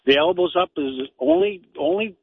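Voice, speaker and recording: Blunt male caller, husky voice, tinny dry phone line. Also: high voice, huge pitch swings, moderate pace, no room sound. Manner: blunt, matter-of-fact. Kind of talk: phone-in opinion.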